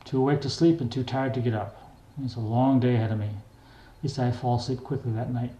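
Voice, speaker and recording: An older man reads his own memoir aloud in a plain, wry, unhurried way. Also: mid-range voice, mellow. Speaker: memoir reader. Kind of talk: memoir narration. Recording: echoey room.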